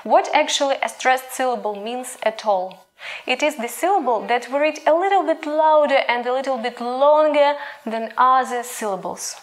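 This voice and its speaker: A young woman with a Ukrainian accent gives a scripted lesson in English. She speaks patiently, sounding out each word slowly. Her voice sits a little higher than most women's. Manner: patient, explains slowly, models sounds aloud. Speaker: language teacher.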